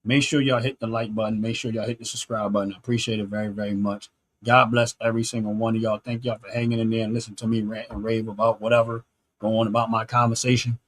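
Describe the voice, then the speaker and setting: A man's voice: fairly low pitch, level tone, fast talker. A man hosting his own channel, delivering a solo opinion monologue in an earnest, preachy, repetitive way. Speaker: channel host.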